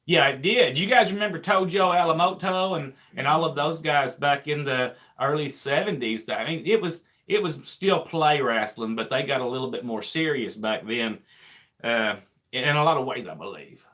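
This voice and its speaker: A man's voice: a little high, lively intonation, normal speed, bright, forceful tone. A man, a trucker co-hosting a casual livestream chat, joking and stumbling over his words. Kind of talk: casual live-stream chat.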